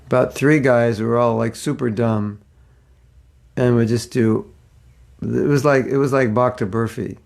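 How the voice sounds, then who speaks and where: Gravelly older man telling stories. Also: medium pitch, steady tone, a little slow, a little mellow. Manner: anecdotal, chuckling storyteller. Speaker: spiritual teacher. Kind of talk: casual religious class.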